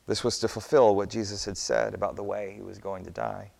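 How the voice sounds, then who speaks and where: A man narrating a scripture story in a measured, expressive reading. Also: fairly low pitch, creaky. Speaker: scripture reader. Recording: long hall reverb.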